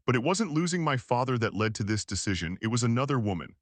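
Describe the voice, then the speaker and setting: A man narrating an audiobook in the first person, calm and measured. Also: medium pitch, dry recording.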